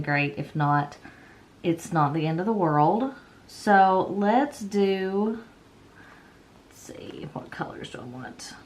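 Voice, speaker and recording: Chatty mom rambling over her planner. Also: medium pitch. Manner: chatty, rambling, lots of ums and self-corrections. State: yawning, a bit tired. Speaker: planner vlogger. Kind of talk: casual chat while decorating a planner.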